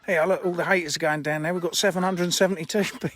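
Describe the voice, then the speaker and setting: Fishery owner on a live stream: man, high voice, jokey and teasing, chatting outdoors by the lakes. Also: fairly even intonation, rapid-fire, a bit bright, a little hiss or hum. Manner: joking, teasing banter with viewers. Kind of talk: casual live-stream chat.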